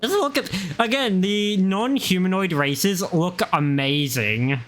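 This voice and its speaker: A man giving casual, animated live-stream commentary on a game. He swears freely and quotes lines from it. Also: sits high, slow. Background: game music.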